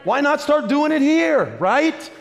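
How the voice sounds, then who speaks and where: A pastor preaching a lively, humorous sermon that builds on repeated phrases. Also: male voice, very high-pitched, slow, vocal fry.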